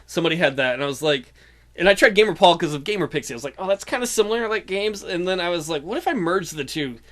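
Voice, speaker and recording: A man's voice: sits high, expressive, fast, a bit bright. Easygoing self-deprecating man podcaster. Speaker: podcast co-host. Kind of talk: casual podcast chat.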